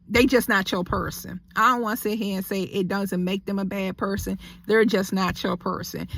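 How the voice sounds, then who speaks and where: A woman's voice: medium pitch, fairly bright tone, no echo. A young adult woman in a heated storytime vlog, talking bluntly. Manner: blunt, heavy cursing, heated. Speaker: vlogger.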